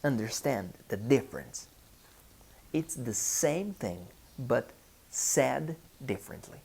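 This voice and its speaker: A Brazilian man, a native Portuguese speaker, teaching an online English lesson with a Brazilian Portuguese accent, speaking deliberately and repeating key phrases. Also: mid-range voice, animated, creaky, darkish tone, breathy edge.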